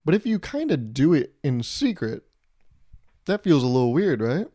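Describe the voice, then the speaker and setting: A man's voice: on the high side, very animated, moderate pace, dark tone. A man in his twenties hosting a solo podcast, rambling and joking as he swears casually into his mic. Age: 20s. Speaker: podcast host. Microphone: podcast microphone.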